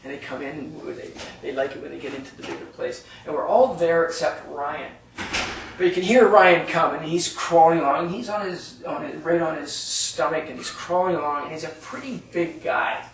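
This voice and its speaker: A man's voice: on the high side, steady tone, moderate pace, gravelly, far from the mic, slight background noise. A man leading a workshop, telling a story to a live audience in a conversational way and often checking in with "right?". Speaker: workshop leader. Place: retreat meeting room with live audience. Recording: echoey room, speaker off-mic.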